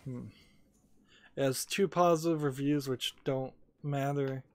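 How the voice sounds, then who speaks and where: A man's voice: mid-range voice, steady tone, unhurried, no room sound, soft background music. A man casually talking over his gaming video as a small YouTube creator, rambling and hesitant with many fillers, a little sleepy.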